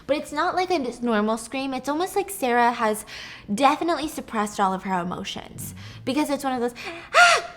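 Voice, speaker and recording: A young woman hosting a podcast, telling a story in a casual, animated way with swearing. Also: fairly high pitch. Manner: animated, swearing, reacting to her own story. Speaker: host.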